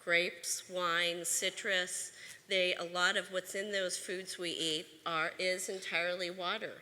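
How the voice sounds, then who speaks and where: Bright-voiced woman giving a conference talk. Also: on the low side, little pitch movement, slow pace. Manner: earnest, emphatic, with some restarts. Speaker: state agriculture official. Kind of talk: conference speech. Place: conference stage in a large hall. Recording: long hall reverb.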